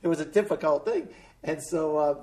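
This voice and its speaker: A man hosting a local cable TV interview in a studio, telling a story slowly with many fillers and restarts. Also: a little high, a little mellow. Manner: rambling, hesitant storytelling with fillers. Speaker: cable access TV host. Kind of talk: casual interview chat.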